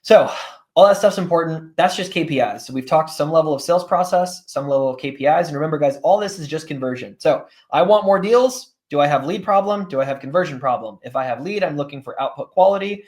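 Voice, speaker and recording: Man, sales coach, live session, slightly high voice, conversational, checks in with his audience. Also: quick pace, a little mellow. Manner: conversational, often checks in with "right?" and "guys"; plain-spoken, teaches through examples.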